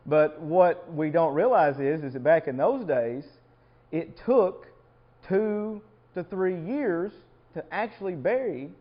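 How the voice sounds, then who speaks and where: Man preaching a casual Bible lesson. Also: fairly high pitch. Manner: conversational, asks the room questions. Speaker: lay preacher. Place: church or coffeehouse meeting room. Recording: dull lo-fi live recording.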